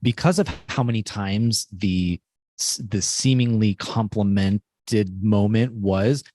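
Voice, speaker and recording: A man co-hosting a podcast, sharing experiences in a measured, halting way. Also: on the low side, dark tone, no room sound, studio quality. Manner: measured, halting, frequent affirming murmurs. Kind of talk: reflective podcast conversation.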